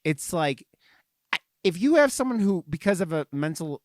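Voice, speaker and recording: A man's voice: high voice, big pitch swings, normal speed, dry recording, studio quality. A man co-hosting a casual film review podcast, rambling with lots of fillers and restarts. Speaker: podcast co-host.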